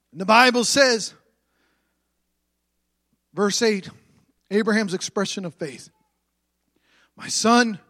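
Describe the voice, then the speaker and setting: A man preaching a sermon, moving from quiet explanation to fervent, repetitive shouting. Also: high-pitched, no room sound, clean studio sound. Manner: builds to fervent shouting, repeats phrases.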